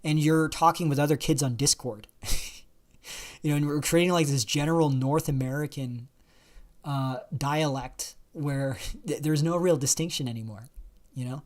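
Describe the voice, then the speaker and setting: A man's voice: on the high side, moderate pace. A man hosting a livestream, talking casually at length and answering viewer questions, with lots of fillers and restarts. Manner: rambling, many fillers and restarts. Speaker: livestream host.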